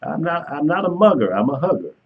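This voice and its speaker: Husky, animated male storyteller. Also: a little high, a little fast, narrow, tinny audio. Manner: animated storyteller who laughs while telling. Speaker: radio show host. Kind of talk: casual chat and storytelling.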